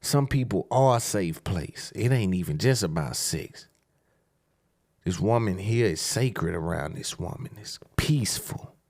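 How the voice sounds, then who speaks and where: A man's voice: low-pitched, expressive, a little slow, darkish tone, dry recording, studio quality. A man hosting a podcast in casual solo commentary, laid-back and slangy, rambling with repeated fillers. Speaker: podcast host.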